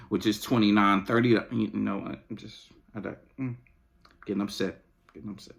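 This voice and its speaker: A man's voice: on the low side, vocal fry, a bit bright. A man hosting a podcast, venting in a casual, exasperated, slangy rant. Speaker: podcast host.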